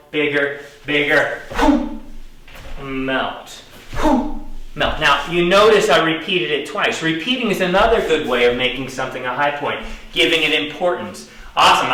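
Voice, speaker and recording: A man's voice: on the high side, pushed and bright. A man teaching an online dance lesson, counting out beats while he moves and encouraging viewers as he goes. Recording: roomy echo, distant camera mic.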